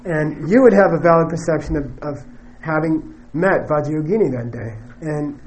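A man's voice: on the high side, normal speed, poor audio. A man teaching Buddhist philosophy in a lecture, joking and laughing often and ending points with "okay?". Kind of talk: classroom dharma lecture.

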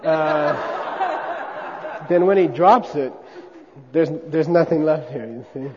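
Here the debate teacher's voice is a little high, with lively intonation, and he speaks slowly over a noisy background. Joking with the class, he shouts syllables for everyone to repeat in a call-and-response demonstration, recorded dully in a reverberant hall.

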